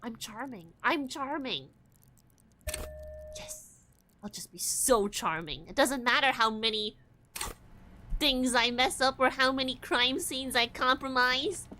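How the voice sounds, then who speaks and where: A young woman streaming a game, excitable and dramatic in her commentary. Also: high voice, a little slow, slight background noise. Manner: excitable, dramatic, reacts loudly. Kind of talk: casual game playthrough commentary.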